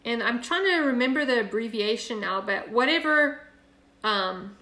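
Bright, chatty woman leading Bible study. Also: a little high, lively intonation, normal speed, reverberant. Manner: chatty and earnest, with many fillers and restarts. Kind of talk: casual online Bible study teaching. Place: video call from home.

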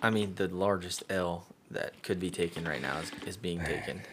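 A man's voice: sits low, moderate pace, a bit bright, slight background noise. A man co-hosting a casual podcast, laughing as he retells texts and stories. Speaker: podcast co-host. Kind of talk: casual chat.

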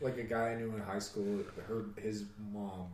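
A man's voice: on the low side, level tone, normal speed. A young man in casual chat, swearing freely and laughing as he retells comedy sketches. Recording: echoey room, far from the mic, crowd noise behind.

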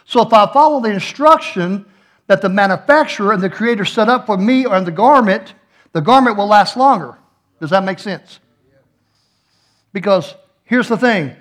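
High-voiced joking pastor. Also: male voice, lively intonation, moderate pace, a bit bright. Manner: folksy, joking storyteller with playful asides. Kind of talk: sermon.

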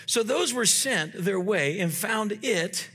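A man preaching a sermon as pastor, with fervent emphatic delivery that swings from loud outbursts to quieter asides and acts out little scenes. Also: sits high, expressive, slow pace. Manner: fervent preaching with repetitions and rising emphatic shouts.

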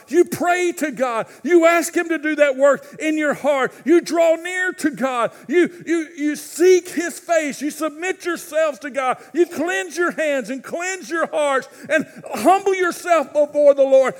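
A man preaches a sermon in a notably high voice. He moves from loud, fervent urging to soft, close pleading. The sound carries a long reverb, as if in a large sanctuary. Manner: swings from loud fervent exhortation to hushed intimate pleading. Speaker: pastor.

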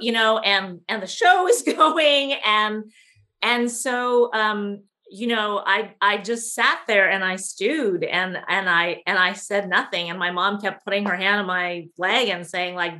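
A woman, a film producer being interviewed, telling stories in an animated way with many fillers. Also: medium pitch, measured pace. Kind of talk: conversational interview.

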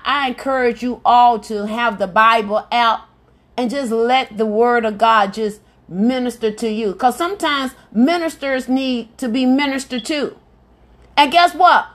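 A woman's voice: high-pitched, measured pace, fairly bright tone. A woman hosting a devotional podcast, preaching fervently and repeating her phrases with cries of praise. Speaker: evangelist podcast host. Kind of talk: devotional sermon.

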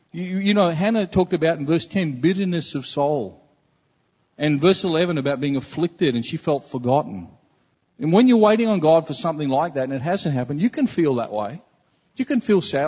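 A male pastor preaches in an earnest, conversational way, circling back and repeating words as he talks. His voice sits a little high and sounds husky. It carries a long reverb and a dull, muffled tone from a large hall. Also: darkish tone. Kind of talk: sermon.

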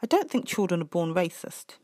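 Emphatic woman with a low voice. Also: brisk, no echo, studio quality. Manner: emphatic, animated storytelling. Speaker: parent sharing her experience. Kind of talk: personal podcast testimony.

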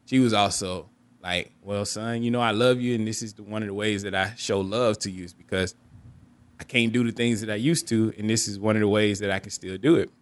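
A young man with a low-pitched voice tells a personal story on his podcast in a candid, reflective way. He often repeats and restarts his words. He jumps up in pitch to act out his relatives. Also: fairly even intonation, fairly quick. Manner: candid, reflective, acts out quoted family members with raised pitch. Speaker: podcast host.

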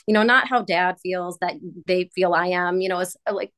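A woman's voice: lowish voice, moderate pace, a bit bright, clean tone, no echo. A woman hosting a casual chat, thinking aloud with frequent restarts. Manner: thinking aloud with many restarts and "you know".

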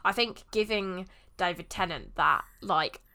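A chatty woman co-hosting a casual podcast, her voice sitting fairly low for a woman. She talks enthusiastically and leans on filler words as she goes. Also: a little slow, creaky, a loud crowd. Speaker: podcast co-host. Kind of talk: casual chat.

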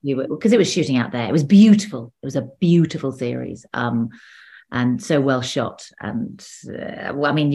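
A woman's voice: a bass voice, a little mellow. A woman actor talking casually in an interview over a video call, chatty and full of restarts. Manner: chatty, restarts often, laughs between stories. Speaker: actor and guest.

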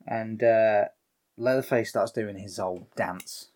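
A man's voice: mid-range voice, sing-song, a little slow. A man in casual, sweary film-recap chat, acting out the characters' lines as he goes.

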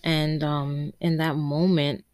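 Low-voiced young woman podcast host. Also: little pitch movement, slow pace, darkish tone, no echo, clean studio sound. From Harlem, New York City. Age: 20s. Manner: candid, emotional, frequent ums and laughs. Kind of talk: personal storytelling podcast.

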